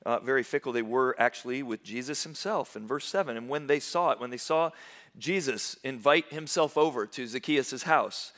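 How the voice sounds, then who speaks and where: A man preaching a sermon as pastor, swinging from hushed low lines to loud bursts and often repeating words as he goes. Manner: stumbles into quick word repeats.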